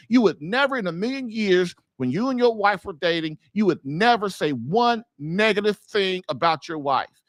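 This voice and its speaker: A man's voice: sits high, a bit bright, no echo. A man hosting an advice podcast, talking informally and emphatically, hammering points home with rhetorical questions. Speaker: marriage coach and podcast host. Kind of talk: casual advice monologue.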